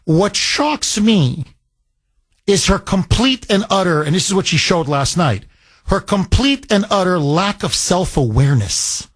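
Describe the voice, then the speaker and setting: A middle-aged man runs his talk radio show in a husky, slightly higher voice. He rambles emphatically, circling back with fillers and restarts. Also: animated, unhurried. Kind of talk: talk radio monologue and caller exchange.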